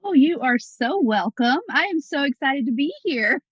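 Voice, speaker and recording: A woman's voice: high voice, expressive, moderate pace, fairly bright tone, no room sound. A woman in her forties with a Southern American accent, an enthusiastic guest who laughs often in a casual interview. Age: 40s. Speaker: guest photographer. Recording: dull dry sound.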